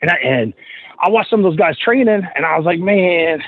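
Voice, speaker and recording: A man's voice: high-pitched, brisk, husky, dry recording. A man, a wrestler guest on a podcast, telling a rambling, profane story and acting out the voices of the people in it. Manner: profane, animated, acts out quoted voices. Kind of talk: casual storytelling anecdote. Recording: dull lo-fi podcast audio.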